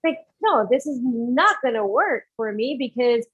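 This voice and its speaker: A woman's voice: fairly high pitch, unhurried, slightly rough. A woman, a guest on an interview podcast, telling her story and acting out the lines of the people in it. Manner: animated, acts out quoted dialogue. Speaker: guest entrepreneur. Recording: dull lo-fi audio.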